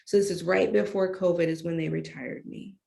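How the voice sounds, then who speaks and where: Gravelly-voiced woman telling her story. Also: lowish voice, brisk. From United States. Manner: animated, acts out dialogue in other voices. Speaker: interview guest, retired doctor and poet. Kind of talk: emotional conversational storytelling.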